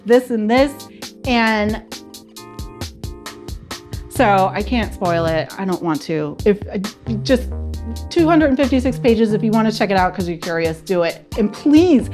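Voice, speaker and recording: A woman's voice: fairly high pitch, a little mellow. A woman giving a casual, candid spoken book review, chatty and prone to repeating herself.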